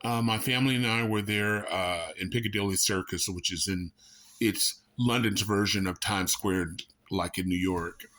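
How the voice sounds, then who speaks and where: A man giving a casual monologue to camera from his living room, talking in a conversational way with animated bursts of emphasis. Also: lowish voice, moderate pace. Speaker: vlogger.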